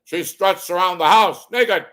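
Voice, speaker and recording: A man doing a loud movie gangster doing stand-up. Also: sits high, measured pace, pitched above the performer's own voice. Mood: menacing.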